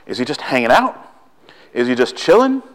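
A man preaching a sermon, talking quickly and with excitement, often asking his listeners rhetorical questions. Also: medium pitch.

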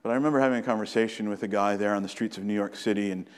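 A male pastor preaching a sermon in an earnest way, slowing down and lifting his voice to stress key points. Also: lowish voice, fairly even intonation. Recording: long hall reverb.

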